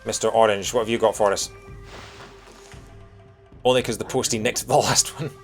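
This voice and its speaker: A man's voice: on the low side, fairly even intonation, normal speed, faint music behind. A young Scottish man streaming a game, chatting in a rambling, jokey, self-deprecating way with his viewers. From Scotland. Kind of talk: casual let's-play chat.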